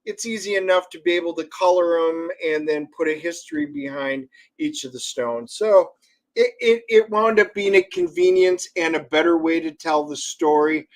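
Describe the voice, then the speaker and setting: A man's voice: fairly high pitch, moderate pace. A man co-hosting a casual livestream, explaining with many restarts and adding dry one-liners. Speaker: comic co-creator and co-host.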